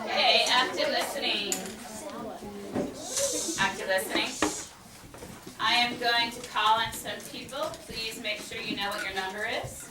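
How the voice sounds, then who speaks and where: A woman teaching a class of children, giving instructions and stretching out her cue words slowly. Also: on the high side, a loud crowd. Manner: slow, drawn-out cue words. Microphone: worn teacher mic, recorded from a distance. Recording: echoey classroom mic from far off. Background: classroom noise.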